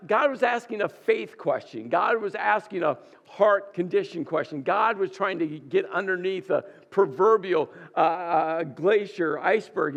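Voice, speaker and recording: A man's voice: high voice, creaky, fairly bright tone, highs cut off. A male pastor preaching a sermon, retelling a scripture story and acting out its dialogue with rising intensity.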